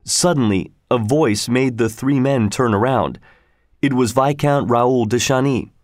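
A man narrates a storybook at an even, measured pace. His voice sits in a middle register. The recording is dry, with no room sound. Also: medium pitch, no echo. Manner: steady, measured reading.

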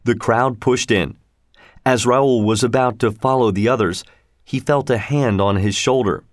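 A man narrates a storybook at an even, measured pace. His voice sits in a middle register. The recording is dry, with no room sound. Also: medium pitch, dry recording. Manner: steady, measured reading.

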